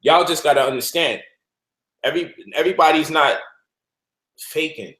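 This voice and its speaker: A man hosting a casual livestream, lecturing and mocking by turns in an animated way. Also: on the high side, moderate pace, reverberant, low-quality recording. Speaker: host.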